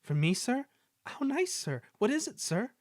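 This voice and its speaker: A man voicing a small, cheerful, polite young male steam engine in a storybook reading, eager and excitable. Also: very high voice, measured pace, dry recording, clean studio sound, pitched above the performer's own voice, full character voice.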